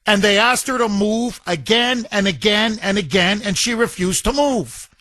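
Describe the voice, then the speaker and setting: Emphatic high-voiced talk radio man. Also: animated, normal speed, bright, forceful tone, no echo. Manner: emphatic, repetitive, indignant. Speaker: radio talk show host. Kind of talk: opinion talk radio monologue.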